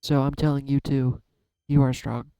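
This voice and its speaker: A man's voice: mid-range voice, flat delivery, normal speed, mellow, smooth, no room sound, poor audio. A man talking heartfelt and personal to his viewers, holding back tears, searching for words and trailing off. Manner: emotional, searching, trails off and restarts. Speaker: YouTube card-reading vlogger. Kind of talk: heartfelt personal talk to camera.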